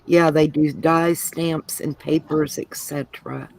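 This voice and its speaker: A woman's voice: deep voice, slow pace, vocal fry, poor audio. A woman from Georgia co-hosting a craft live stream, reading viewer comments aloud. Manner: relaxed, reads out comments.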